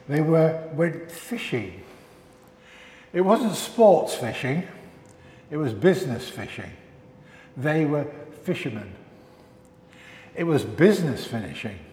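A man's voice: fairly high pitch, very animated, slow pace, pauses often, a little mellow. A man leading a children's talk with puppets in church, playful and coaxing, asking the congregation lots of questions. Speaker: minister. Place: large echoey church. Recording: echoey church with long reverb, faint hiss.

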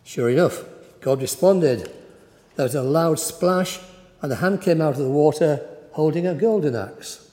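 A man's voice: on the high side, measured pace, mellow. A male preacher giving a sermon in a conversational, wry storytelling manner, heard in a church. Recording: echoey church hall.

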